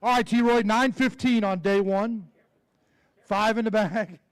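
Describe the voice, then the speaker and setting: A man's voice: high voice, steady tone, measured pace, clear, resonant tone, dry recording. A man emceeing a fishing tournament weigh-in, bantering and joking with each angler as he reads out the weights. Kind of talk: live tournament announcing. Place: outdoor weigh-in stage.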